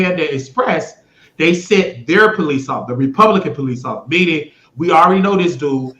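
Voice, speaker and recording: A man hosting his own show, talking in a blunt, rambling monologue that swears freely and swings between loud bursts and mutters. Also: fairly high pitch. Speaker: show host. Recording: echoey room, dull lo-fi sound.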